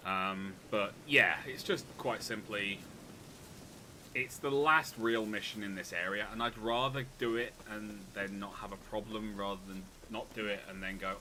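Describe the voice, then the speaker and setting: A man's voice: fairly low pitch, moderate pace, a little hiss or hum. A man co-hosting a gaming live stream, chatting casually and playfully over gameplay. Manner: playful, jokey, breaks into excited yelps.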